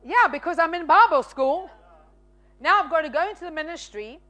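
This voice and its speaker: A woman telling a lively faith testimony as a talk show guest, acting out the dialogue in her story. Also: extremely high pitch, brisk. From South Africa. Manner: lively, acts out quoted dialogue.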